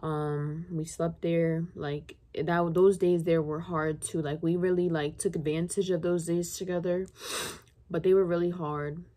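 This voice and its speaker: A woman's voice: fairly low pitch, flat delivery, measured pace, warm tone. A young woman in her late teens telling a personal story to her viewers in a casual, rambling, confiding way, full of fillers. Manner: rambling, confiding, heavy use of "like". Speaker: vlogger.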